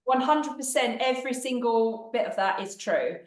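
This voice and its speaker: A woman's voice: fairly high pitch, expressive, normal speed, roomy sound, distant mic. A woman guest speaking at an event, telling chatty anecdotes about her comedy sketches. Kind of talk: anecdotal storytelling.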